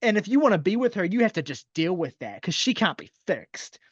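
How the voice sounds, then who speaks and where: A man's voice: high voice, big pitch swings, fairly quick, no echo, lo-fi sound. A man co-hosting a podcast, ranting with exasperation and swearing, laughing often, mocking lines in a silly put-on voice. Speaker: podcast co-host. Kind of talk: casual ranting album review.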